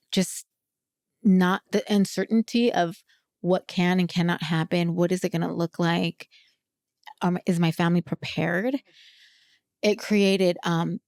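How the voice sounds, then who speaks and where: A woman's voice: lowish voice, vocal fry, darkish tone, no room sound, clean studio sound. A woman in her forties hosting a podcast, chatting expressively and laughing often. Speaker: podcast host. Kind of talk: casual podcast interview.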